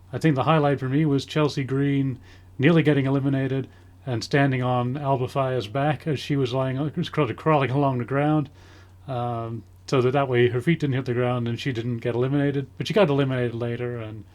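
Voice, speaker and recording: A man's voice: mid-range voice, a little mellow. A man giving a casual spoken review in a rambling way, full of ums, with dry sarcastic asides. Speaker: wrestling show reviewer.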